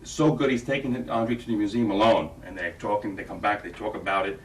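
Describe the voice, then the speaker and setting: A man with a fairly low pitch and fairly even intonation speaks briskly while directing an audition. He rambles as he explains a scene to an actress, restarting many times and acting out lines. The recording sounds roomy, with the mic at a distance.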